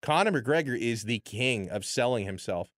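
A male sports radio host with a middle-range voice talks in a loose, animated way, stumbling over restarts and fillers. The studio sound is close and dry, without any room echo. He gives his opinions in a quick, conversational flow. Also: mid-range voice. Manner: animated, filler-heavy, chuckling. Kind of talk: casual sports talk commentary.

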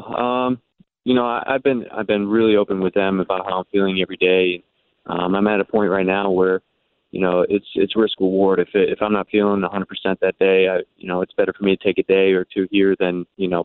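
Male guest, faint Worcester accent, low smooth voice, halting and full of ums, tinny phone line. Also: no echo. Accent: Worcester, Massachusetts, mostly softened. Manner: halting, many ums and restarts. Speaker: baseball pitcher guest. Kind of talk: phone interview.

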